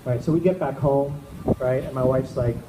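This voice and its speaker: An amateur stand-up comic, a man with a mid-range voice, performs at a moderate pace for a live audience in an event room. He's chatty and keeps checking in with the crowd. The recording is echoey and has background noise.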